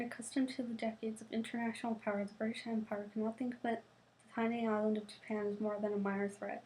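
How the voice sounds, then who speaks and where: A woman's voice: on the high side, darkish tone, poor audio. A young woman, a student, reading a novel aloud, often tripping and restarting words and adding casual asides. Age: young adult.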